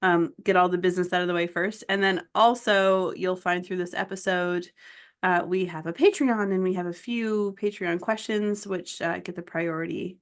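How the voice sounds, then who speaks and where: Friendly woman podcast host, rambling, slightly low voice. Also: fairly even intonation, moderate pace. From Canada. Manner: friendly, rambling, many ums. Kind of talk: casual podcast chat.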